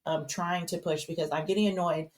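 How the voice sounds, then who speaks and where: A woman's voice: fairly low pitch, steady tone, brisk. A woman guest on a podcast, telling a personal story in a chatty way with lots of fillers and restarts. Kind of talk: casual podcast conversation.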